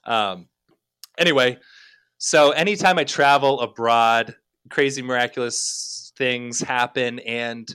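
A man as a podcast guest, telling stories in a rambling, animated way with lots of fillers. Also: mid-range voice, slow, smooth, no room sound, studio quality. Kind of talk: casual storytelling chat.

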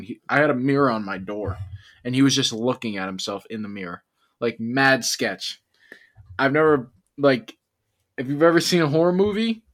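Rambling young man in casual chat. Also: mid-range voice. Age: young adult. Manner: rambling slang-heavy storyteller with restarts.

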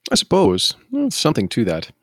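A man co-hosting a casual podcast chat, rambling and riffing with animated asides. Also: medium pitch, a little fast, breathy edge, dry recording, studio quality.

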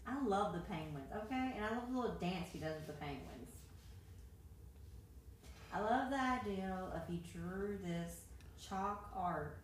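A woman's voice: on the low side, slight background noise. A woman co-hosting a podcast in casual chat, with dry comebacks and fond talk. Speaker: podcast co-host. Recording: echoey, off-mic.

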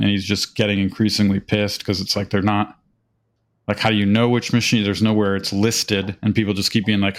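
A man's voice: on the low side, flat delivery, normal speed. A man casually telling a profane, rambling anecdote on a chat podcast, acting out quoted voices. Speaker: podcast host.

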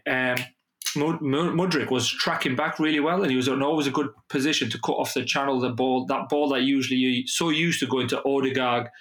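A man co-hosting a casual sports podcast, talking in an animated way, swearing freely and restarting his sentences. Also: mid-range voice, reverberant. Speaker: podcast co-host.

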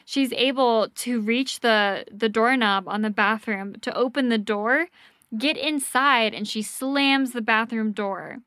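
A woman with a fairly high voice tells a creepy tale in casual podcast chat. She is lively and a little crude, acting out the reactions as she goes. The sound is dry and close. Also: unhurried, no echo. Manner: animated, swears casually, acts out reactions. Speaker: podcast host telling a ghost story.

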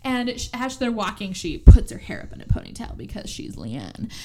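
A woman podcast host recapping a movie in casual chat, animated and swearing freely. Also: medium pitch, normal speed.

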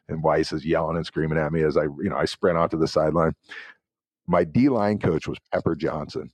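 A man in his forties, a former pro football player, telling interview stories with lively acted-out quotes. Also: deep voice, moderate pace, husky, no echo. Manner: animated anecdotes with acted-out quotes. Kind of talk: casual interview storytelling.

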